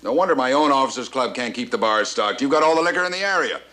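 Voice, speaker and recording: An actor playing a stern senior general who talks in a dry, cutting, commanding way, in 1960s sitcom style. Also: male voice, mid-range voice, animated, fast, sharp tone, rough recording. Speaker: army general.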